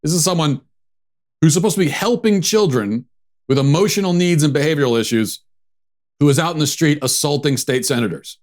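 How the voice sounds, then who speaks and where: A man's voice: on the high side, a little fast, darkish tone. A man hosting a show, giving sarcastic, mocking political commentary. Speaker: host.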